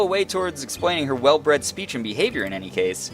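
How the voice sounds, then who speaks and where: A man's voice: fairly high pitch, very animated, quick pace, few pauses, fairly bright tone. A young man reading a visual novel aloud and adding playful, joking commentary, over faint guitar music. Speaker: let's play host.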